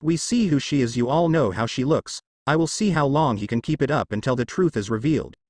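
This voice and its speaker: A teasing spider demi-woman who giggles as she toys with her prey, put on by a man reading a fanfic. The delivery is lively and rises and falls a lot. The sound is close and dry. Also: mid-range voice, a little fast, no room sound, lightly acted. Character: spider demi-human woman, playful and sly.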